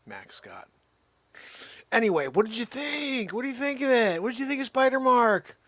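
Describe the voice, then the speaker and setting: A man hosting a comic monologue, telling a story in an animated, exaggerated way. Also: very high-pitched, fairly quick, no room sound. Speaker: host.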